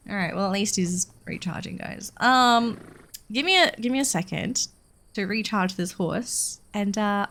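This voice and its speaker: Woman streamer, chatty let's-play commentary, fairly high voice, lots of ums. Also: fairly bright tone. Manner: chatty, addresses viewers, frequent ums. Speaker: streamer playing a horse game.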